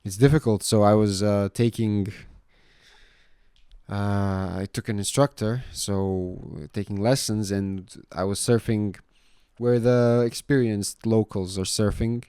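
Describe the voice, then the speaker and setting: A young man chatting casually about his life in a vlog. He swears freely, leans on "you know" and "man", and gets louder when he retells a story. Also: on the low side, steady tone, slow, smooth, no echo, studio quality. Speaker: vlogger.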